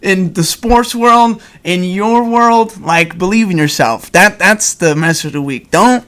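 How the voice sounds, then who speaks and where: A young man hosts an excited, casual podcast, exuberant, chatty and quick to laugh. His voice sits high with a fairly bright tone, and he speaks a little slowly.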